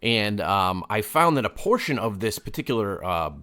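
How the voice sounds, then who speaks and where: A man co-hosting a casual podcast, telling stories in a playful, joking tone. His pitch moves around a lot as he talks, rising and falling with his jokes. His delivery is conversational and easygoing. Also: big pitch swings, normal speed, bright, forceful tone, clean tone. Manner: playful, storytelling. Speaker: podcast co-host. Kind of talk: casual chat. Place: small home studio.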